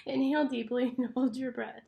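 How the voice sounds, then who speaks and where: A woman's voice: high voice, fairly even intonation, a little fast, vocal fry, muffled recording. A woman acting as a clinician, patiently walking someone through a speech exam step by step. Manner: encouraging, patient. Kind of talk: giving step-by-step instructions.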